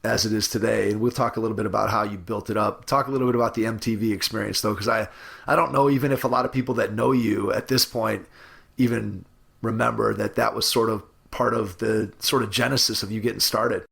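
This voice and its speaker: Gravelly-voiced male podcast host. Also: on the low side, quick pace. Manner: relaxed, laughs along, brief affirmations. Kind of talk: casual interview.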